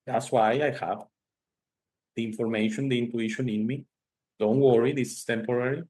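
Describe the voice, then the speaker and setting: With a mid-range voice and moderate pace, a male host, Spanish being his first language, relates stories in an emphatic, animated casual conversation, regularly closing sentences with "okay?".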